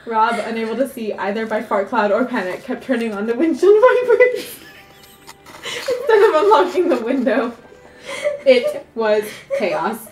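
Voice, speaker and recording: A woman telling a comic story about her own life, animated and often laughing as she goes. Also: on the high side, measured pace, roomy sound, faint music behind.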